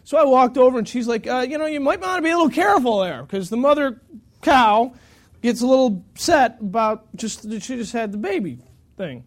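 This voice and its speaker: A pastor telling a long, self-mocking story during a sermon, acting out the quotes with lots of energy. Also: male voice, extremely high pitch, animated, brisk.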